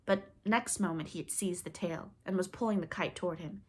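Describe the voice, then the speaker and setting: A woman reading a classic children's novel aloud in a gentle, measured storytelling voice. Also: fairly low pitch, slight background noise. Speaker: storybook reader. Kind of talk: audiobook narration.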